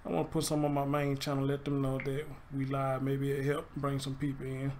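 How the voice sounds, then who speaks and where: A man's voice: mid-range voice, monotone, fairly quick, darkish tone, a little hiss or hum. A man with a Southern US accent hosting a casual livestream commentary show, chatty and loose, greeting viewers by name. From Southern United States. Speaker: livestream host.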